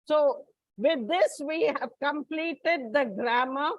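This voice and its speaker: A woman's voice: sits high, takes it slowly, no room sound, lo-fi sound. A woman teacher, giving a classroom lecture and explaining step by step. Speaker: English teacher.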